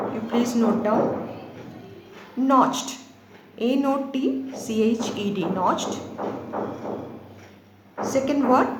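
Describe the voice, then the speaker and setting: A woman teacher with an Indian English accent dictating a class lesson slowly, repeating words and spelling them out letter by letter. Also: fairly high pitch. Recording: echoey room with noise.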